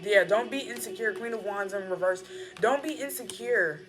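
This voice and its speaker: A woman's voice: medium pitch, moderate pace. A woman giving a casual, slangy spiritual pep talk while reading tarot cards. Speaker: tarot reader. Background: background music.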